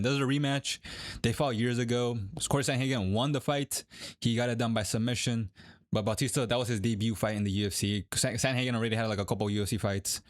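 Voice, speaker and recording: A young man who makes MMA predictions talks casually to the camera in a medium-pitched voice. He rambles, corrects himself, and uses lots of fillers, recorded in studio quality with no room sound.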